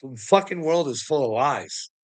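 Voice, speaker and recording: A man's voice: mid-range voice, animated, moderate pace. A man on an angry livestream rant, swearing heavily and sounding bitter and indignant. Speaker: streamer.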